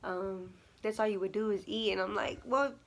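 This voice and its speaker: A woman's voice: mid-range voice, level tone, moderate pace. A young woman vlogging casually, chatty and full of fillers, acting out what people said. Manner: chatty, many fillers and laughs, acts out quotes. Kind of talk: casual storytime vlog.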